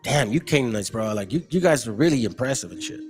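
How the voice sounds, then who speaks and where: A man's voice: mid-range voice, expressive, fast talker, darkish tone, soft background music. A man hosting a livestream, arguing with and mocking viewers in the chat in a combative, confrontational way. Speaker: channel host. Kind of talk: livestream commentary reading chat.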